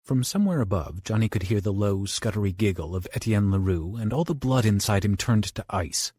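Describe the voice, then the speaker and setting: A man's voice: lowish voice, brisk, slightly rough, no room sound, studio quality. A man narrating a horror audiobook in a dramatic style. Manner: dramatic, with lively shifts into character voices.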